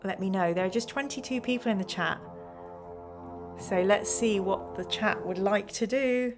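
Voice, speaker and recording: A woman's voice: mid-range voice, moderate pace. A woman hosting a live gamebook play-through, reading passages aloud and counting the chat's votes in a chatty way. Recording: faint music behind.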